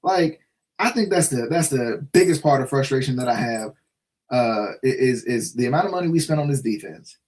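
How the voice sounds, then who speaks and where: A man's voice: mid-range voice, animated, moderate pace, a little mellow. A man hosting a casual live stream about his football team, talking in a frustrated, repetitive way with many restarts and tag questions. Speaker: sports show host.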